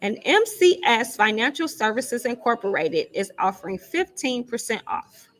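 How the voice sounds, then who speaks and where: A woman's voice: on the high side, very animated, normal speed. A woman hosting a live show, chatty and self-teasing, reading out deals and events and thinking aloud as she goes. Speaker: show host. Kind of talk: casual live-stream announcements. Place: lounge studio.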